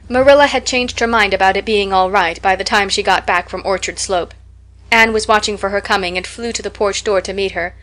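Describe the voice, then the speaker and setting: A woman reading a classic novel aloud as an audiobook narrator, measured and expressive. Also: medium pitch. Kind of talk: scripted narration.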